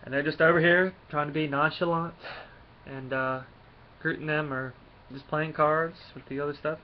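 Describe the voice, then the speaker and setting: A man giving a casual spoken review of a comic, rambling and halting with many fillers. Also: on the high side, steady tone, highs cut off, slight background noise.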